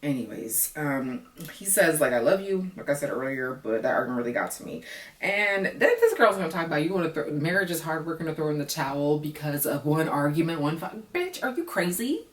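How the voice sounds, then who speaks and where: A woman's voice: deep voice, expressive, fairly quick. A woman giving a blunt, profane, sassy casual recap of a reality show from her apartment. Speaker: reality TV reviewer. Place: apartment at night, noisy renovations upstairs. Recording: echoey room, mic at a distance.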